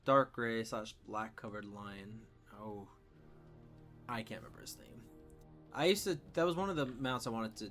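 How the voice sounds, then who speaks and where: A man's voice: medium pitch, fairly bright tone. A man hosting a let's play, chatting casually and correcting himself often as he plays. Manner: rambling, self-correcting. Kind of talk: casual game commentary.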